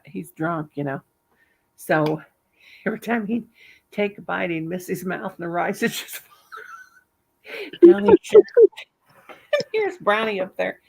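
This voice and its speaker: Gravelly older woman telling stories. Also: on the low side, expressive, measured pace, long pauses, darkish tone. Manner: chatty, laughs a lot, salty language. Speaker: vlogger. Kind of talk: casual chat, storytelling.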